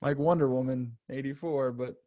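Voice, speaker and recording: A podcast co-host tells stories at normal speed in a casual chat. He's animated and acts out what people said, jumping widely in pitch. The recording is dry.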